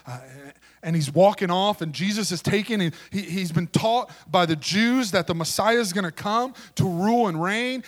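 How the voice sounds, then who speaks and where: A male preacher giving a sermon in an emphatic way, rising to loud declarations and dropping to hushed tones. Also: sits high.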